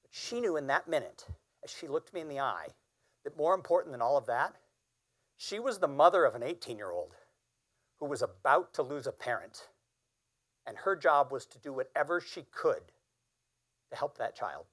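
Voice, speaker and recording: A man's voice: mid-range voice, sing-song, moderate pace, long pauses, fairly bright tone. A man in his fifties giving a keynote speech, telling a personal story in an earnest, emphatic way. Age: 50s. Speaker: keynote speaker.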